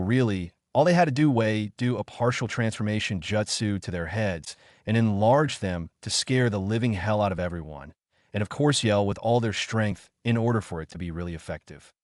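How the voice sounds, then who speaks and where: A man with a low voice reads fan fiction in a steady storytelling manner. The recording is dry and close to the mic. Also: no echo. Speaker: narrator.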